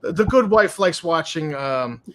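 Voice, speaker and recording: Cohost guy, kinda higher voice, talks slow and measured with lots of uhs. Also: expressive, fairly bright tone. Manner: measured, with frequent "uh" pauses. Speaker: podcast co-host. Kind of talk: casual chat.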